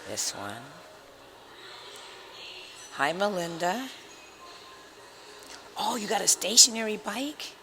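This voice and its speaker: A woman motivational speaker chats straight to her viewers on a phone, telling stories in a lively, animated way. Her voice sits at a middle pitch. A steady wash of noise runs under the recording. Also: takes it slowly, long pauses. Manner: lively, chatty storytelling. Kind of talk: casual vlog talk. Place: indoors at a women's shelter. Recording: noisy background.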